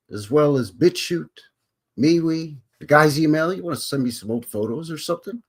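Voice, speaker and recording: A man's voice: fairly high pitch, animated, normal speed. A man from Alberta hosting a casual live stream, greeting chatters with folksy cowboy talk. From Alberta, Canada. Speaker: livestream host.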